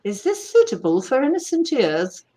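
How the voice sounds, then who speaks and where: A woman's voice: a little high, sing-song, moderate pace, warm tone. A woman hosting a casual livestream chat, teasing and laughing often as she talks. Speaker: livestream host.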